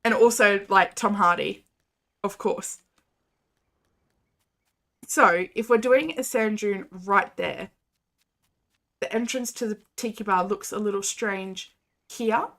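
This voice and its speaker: A woman's voice: mid-range voice, slow pace, pauses often, a bit bright. A woman chatting casually with her viewers while playing a game, rambling and giggly. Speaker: game streamer. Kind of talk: casual live-stream chat while playing. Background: faint game music.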